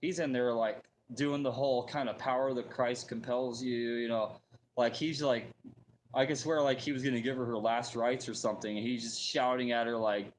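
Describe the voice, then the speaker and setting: A man's voice: mid-range voice, fairly even intonation, normal speed, a little hiss or hum, rough recording. Man, mid-range voice, rambling casual storyteller, lots of "like" and "you know". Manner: rambling, full of fillers and restarts.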